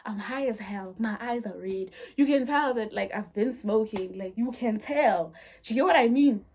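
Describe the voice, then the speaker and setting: A woman's voice: on the high side, normal speed, a little mellow. A young woman telling a dramatic story in a chatty vlog, speaking straight to her viewers. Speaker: vlogger. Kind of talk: casual storytime.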